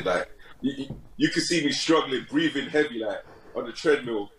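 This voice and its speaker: A man's voice: mid-range voice, expressive, moderate pace, roomy sound, low-quality recording. A young man chatting casually as a podcast guest, laid-back, laughing often and saying "bro" a lot. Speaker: podcast guest, fitness content creator. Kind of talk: casual chat.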